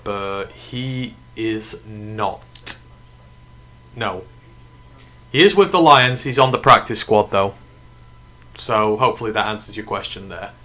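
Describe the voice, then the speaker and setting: A man hosting a live sports watch-along, reacting with quick outrage to the play and answering viewers' chat. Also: mid-range voice, sharp tone. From United Kingdom. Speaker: live stream host.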